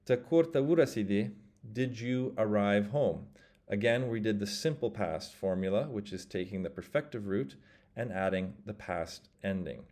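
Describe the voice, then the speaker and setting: A man with a somewhat low voice gives a relaxed, informal language lesson. He works through grammar patterns one at a time, speaks example phrases slowly and carefully, and asks the listener to pause and try each one. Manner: explains step by step, models phrases slowly and leaves pauses for practice. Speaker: language teacher. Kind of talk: casual spoken language lesson.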